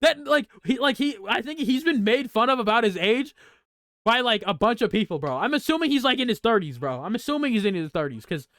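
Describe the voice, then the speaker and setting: A man hosting a gaming channel, reacting to a story game with excitable, profane, slang-heavy rants. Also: extremely high pitch, a little fast, no echo. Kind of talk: casual let's play reaction commentary.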